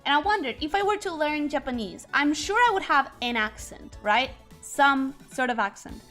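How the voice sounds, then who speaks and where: High, bright Spanish-accented woman. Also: lively intonation, normal speed, soft background music. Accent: Spanish-accented English. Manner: chatty, thinks aloud, rambling. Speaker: streamer. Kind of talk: casual livestream chat, reading chat aloud.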